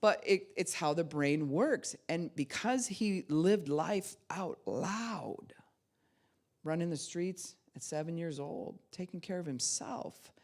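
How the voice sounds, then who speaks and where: A middle-aged woman pastor giving a conversational teaching sermon, animated, swinging from loud outbursts to soft, slow asides. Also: fairly low pitch.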